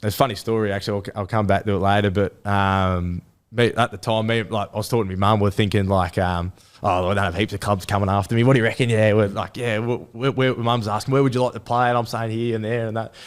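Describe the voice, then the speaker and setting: Fast-talking young Australian man. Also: on the low side, fairly even intonation, clean tone. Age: 20s. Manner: rambling storytelling with many restarts and fillers. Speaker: rugby league player guest. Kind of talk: casual interview chat.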